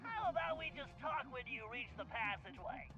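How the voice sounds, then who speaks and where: An actor playing a brainy young male planner of a thief gang, talking in a brisk, fussy, technical way. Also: very high voice, sing-song. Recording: slightly dull game audio with music. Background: game music.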